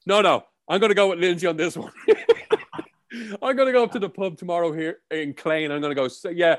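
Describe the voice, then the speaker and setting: A man's voice: high-pitched, quick pace. A young Irish man co-hosting a podcast in casual, jokey chat, laughing often and swearing freely. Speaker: podcast co-host.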